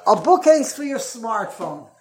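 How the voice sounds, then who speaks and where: This very high-pitched male voice is extremely animated yet keeps a measured pace. Leading a casual Torah lesson for a small group, he rambles chattily, cutting himself off and starting sentences over often.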